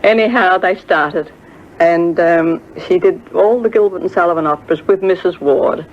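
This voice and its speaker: A woman's voice: on the low side, normal speed, muffled recording, noisy background. An older woman telling a story about a singer she knew, hesitant and full of fillers, acting out what others said. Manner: hesitant, many fillers, acts out quoted voices. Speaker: friend recalling a singer. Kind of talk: reminiscing anecdote.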